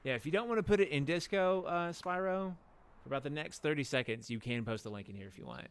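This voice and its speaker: A man's voice: on the high side, lively intonation, quick pace, smooth. A man streaming a game live, chatting playfully and joking with his chat.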